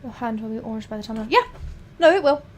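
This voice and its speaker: A young woman chats away to her stream while she paints miniatures. Her voice sits a little on the high side, and she rambles, swears freely and keeps restarting her sentences. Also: lively intonation, fast, slight background noise.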